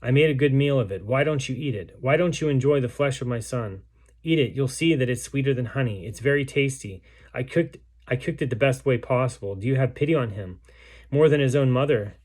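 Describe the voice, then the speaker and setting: A man's voice: mid-range voice, a little mellow, slightly rough, lightly acted. A man reading aloud the words of a starving, grief-stricken mother in a besieged city, in a solemn, pleading way. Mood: bitter, accusing.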